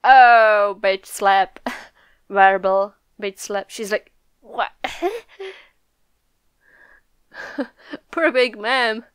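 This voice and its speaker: Smooth-voiced excitable young woman reacting. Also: medium pitch, extremely slow, long pauses, no echo. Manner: excitable, swears freely, laughs often. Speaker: manga reaction video host. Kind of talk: live reaction while reading a comic.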